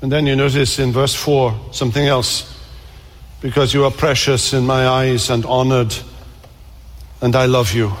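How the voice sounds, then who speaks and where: Earnest preacher in a reverberant church. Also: male voice, mid-range voice, level tone, unhurried. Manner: earnest, repeats phrases for emphasis. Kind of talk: sermon. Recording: long reverb of a church hall.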